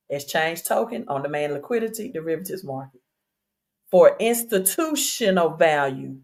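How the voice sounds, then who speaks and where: A woman's voice: deep voice, darkish tone. A woman hosting a casual livestream, talking straight to her viewers in a chatty, insistent way with fillers and repeated questions. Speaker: crypto livestream host. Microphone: streaming setup.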